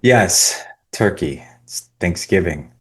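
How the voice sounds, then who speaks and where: A man co-hosting a podcast, chatting casually with wry quick asides. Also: low voice, animated, fairly bright tone, slightly rough. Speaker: podcast co-host. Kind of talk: casual chat.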